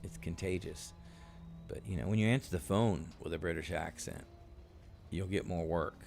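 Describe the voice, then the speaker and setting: An American game streamer chats while he plays on a live stream, rambling in a laid-back way with plenty of fillers. His deep voice is gravelly, at a normal speed, with music in the background.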